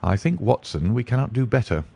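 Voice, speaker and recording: A man voicing a brilliant, dreamy detective who speaks deliberately and muses aloud. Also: medium pitch, big pitch swings, vocal fry, warm tone, dry recording, voice pushed up. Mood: musing. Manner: deliberate, musing.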